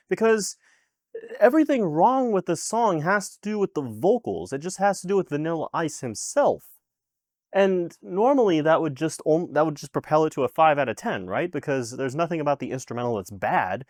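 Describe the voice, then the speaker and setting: Exasperated man ranting, lively pitch swings. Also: no room sound, clean studio sound. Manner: exasperated, sarcastic ranting with frequent swearing. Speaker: music reaction host. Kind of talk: casual album reaction commentary.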